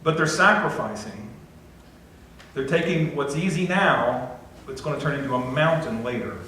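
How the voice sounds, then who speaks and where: A man's voice: medium pitch, moderate pace, pushed and bright, a little hiss or hum. A middle-aged man preaching a conversational sermon as pastor, with folksy, self-deprecating asides. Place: church sanctuary. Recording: echoey church recording from a distance.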